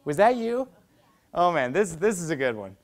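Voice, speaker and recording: A man's voice: fairly high pitch, big pitch swings, normal speed. A middle-aged male pastor preaching a sermon, telling stories in a loose, conversational way with lots of "you know".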